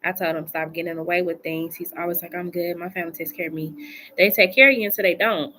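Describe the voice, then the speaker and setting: A woman's voice: fairly low pitch, fairly even intonation, quick pace, bright, forceful tone. A woman doing a casual live tarot reading from home, chatty and colloquial, repeating phrases for emphasis. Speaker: tarot reader.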